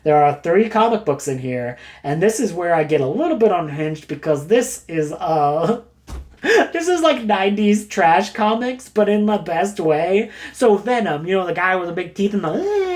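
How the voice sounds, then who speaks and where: A man casually recommending books, rambling and jokey, getting animated as he retells a story. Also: fairly high pitch. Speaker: book reviewer. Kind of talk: casual book recommendation talk.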